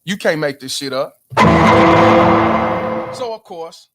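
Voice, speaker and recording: Over soft background music, a man hosts his own show, offering viewers casual, emphatic, preachy commentary and rhetorical questions. His slightly high voice is slow, fairly bright and lively in intonation.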